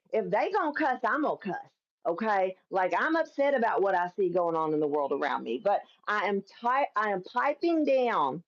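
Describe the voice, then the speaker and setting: A woman's voice: mid-range voice, highs cut off. A woman from Kentucky hosting a casual political live stream, chatty and emphatic, laughing often and swearing freely. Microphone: phone or camera on a live stream.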